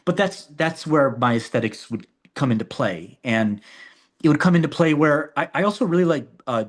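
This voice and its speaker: A man's voice: fairly high pitch, expressive, moderate pace. A man being interviewed about his own filmmaking, talking animatedly and often repeating words and restarting his sentences. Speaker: filmmaker guest. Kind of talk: casual interview talk.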